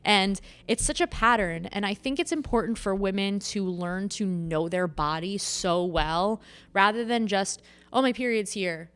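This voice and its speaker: A woman's voice: mid-range voice, measured pace, fairly bright tone, clear, resonant tone. A young adult woman co-hosting a casual podcast chat, blunt and swearing freely. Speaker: podcast co-host.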